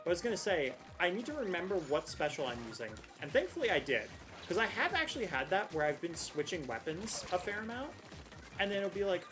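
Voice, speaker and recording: A young woman streaming a game, chatting casually and rambling with sudden excited outbursts. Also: fairly low pitch, quick pace, over music. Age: young adult. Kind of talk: casual gameplay commentary.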